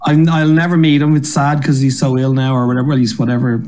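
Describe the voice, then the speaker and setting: Animated comedian telling stories. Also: male voice, mid-range voice, quick pace. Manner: animated storyteller, acts out quotes with laughs. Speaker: comedian guest. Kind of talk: casual interview chat.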